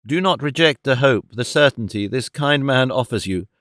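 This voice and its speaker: A man reading as a low, emphatic gentleman. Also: expressive, normal speed, dry recording, clean studio sound, natural voice. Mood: earnest. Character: earnest, gentle gentleman, persuading.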